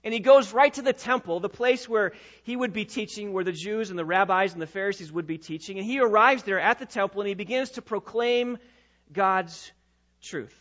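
A man preaching a sermon as pastor, swelling from quiet teaching to loud, passionate proclamation. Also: sits high, moderate pace, lo-fi sound. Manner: preaching with rising and falling intensity, sometimes loud.

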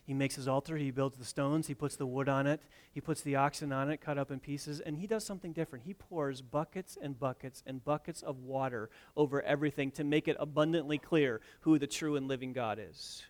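A man preaching a sermon, swinging from loud emphatic lines to quiet asides and retelling scripture stories with lively quoted dialogue. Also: medium pitch, a little fast, few pauses. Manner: dynamic preaching, swells loud on key points then drops soft. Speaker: pastor.

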